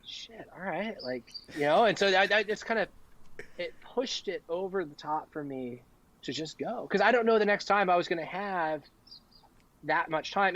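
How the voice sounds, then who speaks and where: A man's voice: a little high, fairly bright tone, lo-fi sound. A man telling stories as a podcast guest in an earnest, rambling way, often acting out what other people said. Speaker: interview guest. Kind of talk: casual conversational storytelling.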